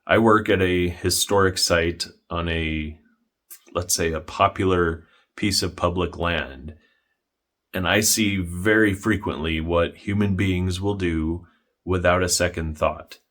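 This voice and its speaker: Young male vlogger, low-pitched, deadpan narration with dry wit. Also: slow pace. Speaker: history vlogger.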